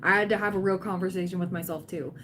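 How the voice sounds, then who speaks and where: A woman's voice: fairly low pitch, fairly even intonation, quick pace, background noise. A woman hosting a tarot livestream, chatting casually and cheering on her viewers, often quoting people in playful voices.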